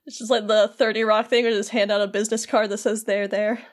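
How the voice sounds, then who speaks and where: A woman's voice: medium pitch, quick pace. A woman co-hosting a podcast, casually recapping a video game and playfully acting out the characters' lines. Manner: animated, acts out characters' lines in playful voices. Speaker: podcast co-host.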